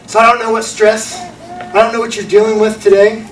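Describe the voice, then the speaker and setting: A man's voice: sits high, little pitch movement, moderate pace, slight background noise. A young man preaching a sermon, telling a story in an earnest, folksy way. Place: church auditorium. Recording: echoey room from a distance.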